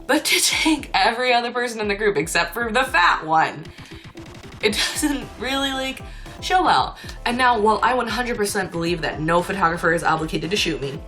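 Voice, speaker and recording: A chatty young woman tells a story straight to camera in a casual vlog, ranting with animated swings and bursts of laughter. Her voice sits at an ordinary middle pitch, and faint music plays underneath. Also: normal speed. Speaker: cosplayer and convention staff.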